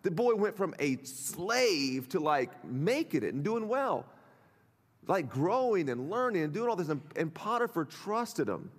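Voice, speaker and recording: Animated preaching man in an echoey hall. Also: sits high, unhurried. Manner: emphatic, conversational preaching with direct address. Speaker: pastor. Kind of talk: sermon. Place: church sanctuary.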